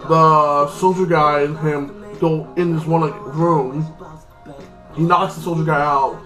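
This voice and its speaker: A man's voice: on the high side, fairly even intonation, measured pace, fairly bright tone. A man giving a casual, rambling recap of a TV episode, filling his talk with constant "like". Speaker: TV episode reviewer. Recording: echoey room with faint music.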